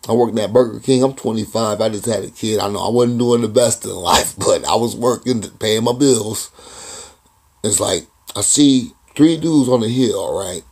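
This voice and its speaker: A man's voice: fairly low pitch, normal speed, darkish tone, breathy edge. A man vlogging, telling a personal story in a rambling, casual way, often chuckling and restarting his sentences.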